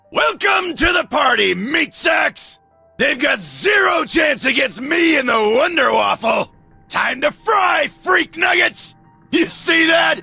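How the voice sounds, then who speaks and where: A brash soldier from a video game, yelling insults with a rough, gravelly rasp. His voice sits bright and high and swings widely. Faint music plays behind him. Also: no room sound, heavily acted. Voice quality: gravelly, raspy shouting. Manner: cocky trash talk, loud whoops. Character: brash wisecracking male American soldier.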